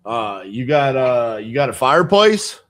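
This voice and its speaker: A man's voice: medium pitch, sing-song, unhurried, a bit bright. Direct, confident man on a sales call. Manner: direct, brief questions and confident assurances. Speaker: real estate investor calling a seller. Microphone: phone call.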